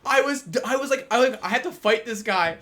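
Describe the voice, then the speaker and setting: A man's voice: extremely high pitch, lively intonation, fairly quick, bright, forceful tone. A young man co-hosting a podcast, telling a long anecdote in a rambling, casual way full of fillers. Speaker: podcast co-host. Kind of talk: casual storytelling chat.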